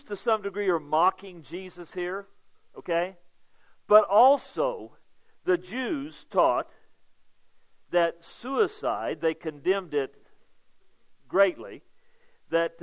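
Preaching man, a bit high-pitched. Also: rough recording. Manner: conversational preaching, frequent "okay?" check-ins, swells in volume for emphasis. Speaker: pastor. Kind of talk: sermon.

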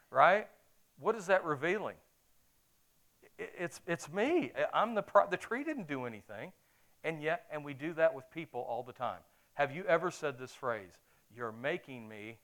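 A middle-aged man preaching a sermon in a lively, conversational way, often asking his listeners questions. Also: medium pitch. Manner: animated, conversational, asks the audience questions.

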